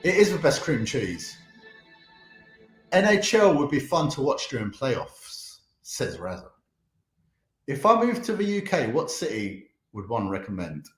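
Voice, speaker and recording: A man's voice: medium pitch, huge pitch swings, unhurried, faint music behind. Young london guy rambling thru chat comments on a stream, voice bouncing up and down, echoey room. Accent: London English. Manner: rambling, repeats words, laughs often. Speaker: charity livestream host. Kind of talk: casual livestream chat reading comments.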